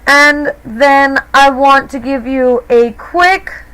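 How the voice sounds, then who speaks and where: A woman's voice: sits high, slow pace, fairly bright tone, poor audio. A woman teacher explaining grammar to her students patiently, step by step, in a recorded lesson. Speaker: Spanish teacher.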